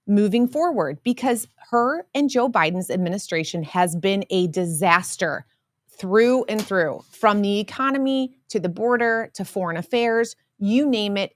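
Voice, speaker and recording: A woman's voice: mid-range voice, no echo, studio quality. Emphatic scornful American podcast woman. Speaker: podcast co-host. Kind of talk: political commentary chat.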